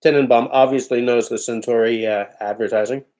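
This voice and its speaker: A man hosts a livestream from his home, chatting in a loose, offhand manner as he reads out what viewers write. His voice sits at an ordinary middle pitch. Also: steady tone, brisk, darkish tone. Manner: loose, chatty and offhand, often breaking into laughter. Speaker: livestream host. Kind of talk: casual chat reading out viewer comments.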